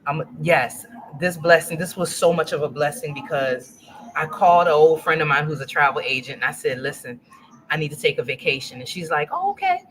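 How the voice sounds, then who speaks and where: A woman's voice: sits low, brisk, a little hiss or hum, low-quality recording. A woman in her forties from Louisiana, a guest telling a casual story and acting out the voices of the people in it. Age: 40s. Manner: animated, acts out quoted voices.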